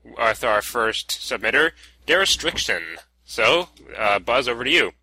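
Brief: upbeat male podcast host, bright sharp tone, average pitch. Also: expressive, unhurried, husky, dry recording, poor audio. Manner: prodding, reads listener submissions. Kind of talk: casual podcast chat.

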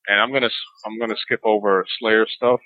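A man's voice: fairly low pitch, flat delivery, a little fast, dry recording. A man hosting a casual podcast, reading listener mail aloud and joking with his co-hosts. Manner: joking, laughs often. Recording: dull lo-fi dry sound.

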